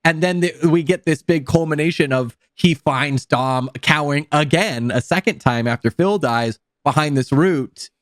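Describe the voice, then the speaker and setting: A man's voice: on the high side, normal speed, hardly any pauses, fairly bright tone, no room sound. A man chatting casually about a film, rambling with many fillers. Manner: rambling, heavy use of filler words. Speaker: podcast co-host.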